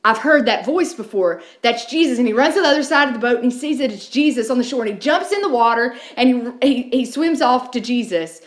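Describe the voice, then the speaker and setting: A woman's voice: a little high, lively intonation, fast talker, few pauses. A middle-aged woman pastor, preaching a sermon in a conversational storytelling way with frequent restarts. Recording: roomy echo.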